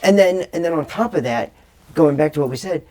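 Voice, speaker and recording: A man co-hosting a casual podcast chat about a movie, rambling and animated, swearing freely and acting out scenes. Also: on the high side, a little fast. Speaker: podcast co-host.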